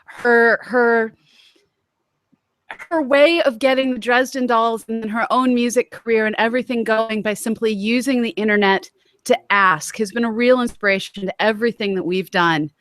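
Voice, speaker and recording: A woman from Massachusetts hosting a chatty talk show, quick to jump in with jokes. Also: on the high side, steady tone, a bit bright, no room sound. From Massachusetts, USA. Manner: chatty, quick to joke and interject. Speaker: host. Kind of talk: casual conversation.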